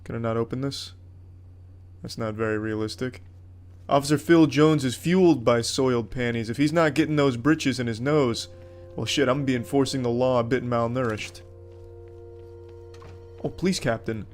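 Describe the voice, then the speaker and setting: A man's voice: mid-range voice, steady tone, moderate pace, slight background noise. A man giving comedic gameplay commentary in a crude, sarcastic, mock-heroic way. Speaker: gaming commentator.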